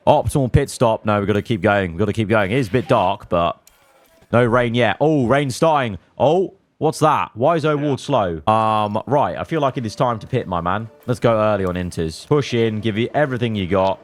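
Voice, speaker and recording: A man giving excitable live commentary over a racing management game, swinging from low muttering to loud outbursts. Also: moderate pace. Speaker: gaming YouTuber.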